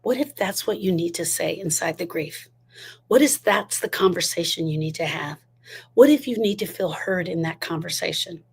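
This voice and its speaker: A woman's voice: lowish voice, normal speed, creaky, breathy edge. A woman giving a motivational talk on grief, emphatic and full of repeated rhetorical questions. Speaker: grief educator.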